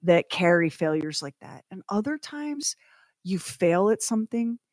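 A woman's voice: on the low side, sing-song, unhurried, darkish tone, dry recording, studio quality. Earnest middle-aged female podcast co-host. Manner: earnest and emphatic, talks through her feelings. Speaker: co-host, former TV writer producer. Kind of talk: casual reflective chat.

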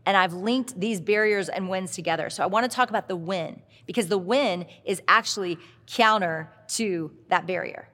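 A woman's voice: medium pitch, moderate pace, few pauses, fairly bright tone. A middle-aged woman speaking at a Christian leadership event, telling confessional stories and addressing the crowd directly. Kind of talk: conference talk. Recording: long hall reverb from a live talk.

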